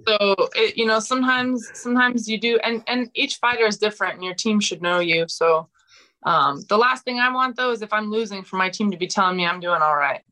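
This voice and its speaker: Frank woman in her forties, bright tone. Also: mid-range voice, fairly quick. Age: 40s. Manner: frank and blunt, with fillers and restarts. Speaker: guest fighter. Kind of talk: casual interview chat.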